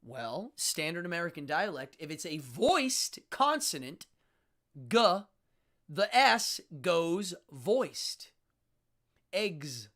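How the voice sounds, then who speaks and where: A live-stream host in their fifties talks through a casual solo monologue at an unhurried pace. The voice sits in a middle register. The diction is precise and teacherly, with sounds acted out and words drawn out for emphasis. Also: medium pitch, big pitch swings, fairly bright tone. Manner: deliberate, careful enunciation with drawn-out emphasis; demonstrative, teacherly, acts out sounds.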